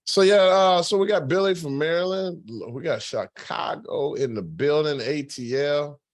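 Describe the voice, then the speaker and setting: A man in his forties hosting a live podcast, talking in an animated, joking way and laughing often. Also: on the high side, moderate pace, no room sound, clean studio sound. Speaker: podcast host and real estate investor.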